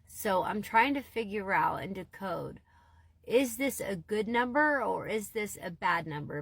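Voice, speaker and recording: A woman's voice: mid-range voice, gravelly, fairly bright tone, no room sound. A woman casually telling an emotional, rambling story to her viewers, often saying "you guys". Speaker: TikTok storyteller. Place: Southwest Florida.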